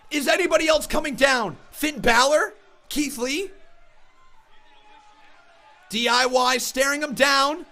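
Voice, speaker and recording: A man streaming a live reaction, shouting in frantic, excitable exclamations and shaking with excitement. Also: very high voice, takes it slowly, pauses often.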